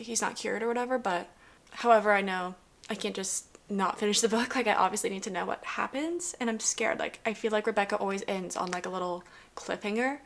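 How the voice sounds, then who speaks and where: A young woman vlogging about a book series, talking casually with lots of fillers and sometimes dropping to a whisper while reading. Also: mid-range voice. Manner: chatty, filler-heavy, often drops to a whisper while reading. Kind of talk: casual reading vlog commentary.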